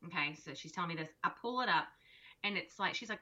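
A woman, a mother and co-host, chatting casually and telling an animated story in which she acts out the dialogue. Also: fairly low pitch, fast. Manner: expressive, acts out quoted dialogue. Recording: dull lo-fi recording.

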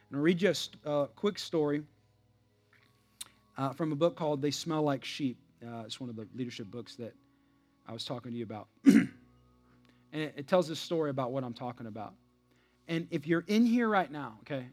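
A male pastor preaching a sermon, emphatic and repetitive, reading a story aloud and building to an appeal. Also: a little high.

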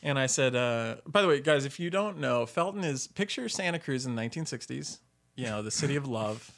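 Thirties man, podcast co-host, animated storyteller who laughs often and uses lots of fillers. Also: medium pitch, a little fast, gravelly. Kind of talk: casual storytelling.

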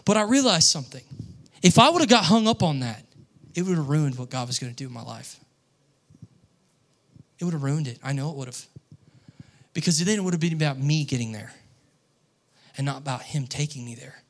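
A young man preaching a sermon, telling stories and getting louder and more animated as he acts out scenes. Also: on the high side, brisk, pauses often. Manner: storytelling, grows excited and loud when acting out scenes.

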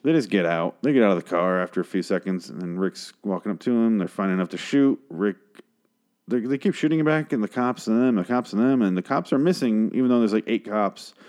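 A man talking in a hushed way late at night at home, casually recapping a TV episode and swearing often. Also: lowish voice, lively intonation, brisk. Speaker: show recapper. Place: home at night, a girlfriend asleep in the next room.

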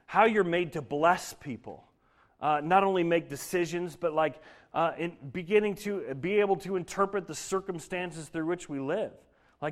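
A young man from Denver giving a sermon, telling a personal story in an earnest way that grows lively as he preaches. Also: a little high. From Denver, Colorado. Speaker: pastor.

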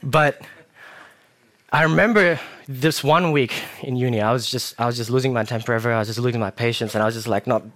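A young man delivers a relaxed, conversational sermon in a voice of ordinary middle pitch. He tells stories with self-mocking humor and lively asides. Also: a little fast. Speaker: preacher. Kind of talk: casual sermon.

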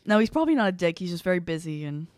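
A woman's voice: on the low side, sing-song, racing, darkish tone, no echo. A woman in casual conversation as a podcast co-host, chatty and laughing as she tells her stories. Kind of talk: casual chat.

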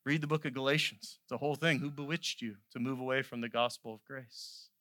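Male pastor, sermon, bright ringing voice, dry close sound, builds from quiet asides to loud fervent peaks. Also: medium pitch, steady tone, brisk, dry recording. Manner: impassioned, swells from quiet to loud; conversational storytelling asides.

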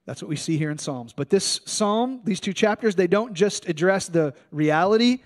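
A man's voice: high-pitched, lively intonation, normal speed. A man preaching a sermon in an earnest, conversational way, often speaking straight to his listeners. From Michigan. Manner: earnest, conversational preaching, addresses the congregation as guys. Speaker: pastor.

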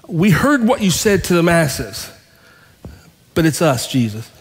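A man's voice: fairly high pitch, sing-song, a little slow, big-room sound. A man preaching a sermon as pastor, talking conversationally, acting out dialogue and asking the congregation questions.

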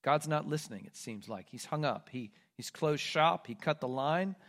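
Impassioned preacher with a high voice. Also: male voice, expressive, normal speed. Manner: swings from loud, pleading cries to hushed, quiet lines; reads scripture aloud with emphasis. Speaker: pastor. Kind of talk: sermon.

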